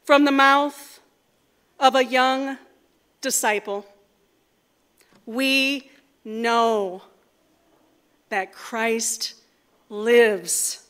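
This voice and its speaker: A woman giving a sermon, telling stories in a measured, earnest way before leading a prayer. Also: on the high side, a bit bright. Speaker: preacher. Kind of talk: sermon with storytelling.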